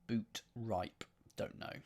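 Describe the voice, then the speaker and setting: Slow, musing man reading puzzle clues. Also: a little mellow. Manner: reads clues aloud and muses over the wordplay. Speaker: streamer solving a crossword. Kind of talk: thinking aloud while solving.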